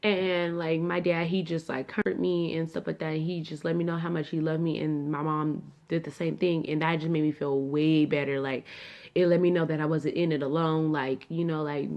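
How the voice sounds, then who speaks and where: A young woman tells her story straight to her viewers in a loose, chatty vlog style. Her voice sits a touch low for a woman, and she leans on fillers, calling her audience y'all. It sounds relaxed and conversational, never scripted. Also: moderate pace, lo-fi sound. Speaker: vlogger.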